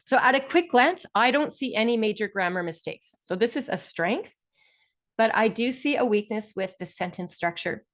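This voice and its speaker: A woman's voice: fairly high pitch, lively intonation, normal speed, a bit bright. A woman teaching a live online speaking lesson over a video call, explaining step by step and encouraging her students. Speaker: test prep instructor.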